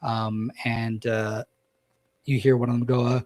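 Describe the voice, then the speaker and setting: A man running a tabletop game as game master, describing scenes in a halting, descriptive way. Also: medium pitch, level tone, a little mellow, no echo.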